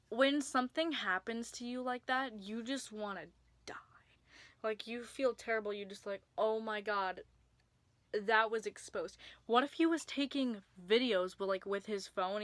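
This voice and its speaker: A young vlogger tells a personal story to camera in a casual, chatty way, using lots of filler words and sudden whispers for emphasis. Her voice is mid-range and fairly bright, with no echo.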